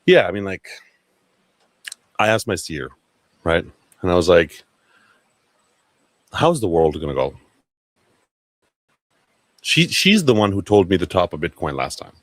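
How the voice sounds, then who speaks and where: A man's voice: sits low, moderate pace, long pauses, no room sound. A man hosting a casual livestream, rambling and swearing as he talks to viewers. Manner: rambling, profane, excitable. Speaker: livestream host.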